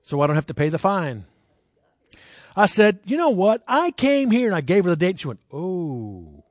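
Male preacher telling stories to a congregation, slightly high voice, dry close sound, chatty with the crowd. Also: very animated, normal speed, darkish tone, dry recording. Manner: conversational, asks the crowd questions; jumps into high voices when acting out people. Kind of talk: sermon with personal stories.

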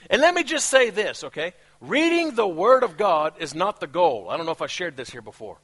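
A man with a non-native English accent preaching a sermon as a pastor, animated, laughing at his own asides. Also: extremely high pitch.

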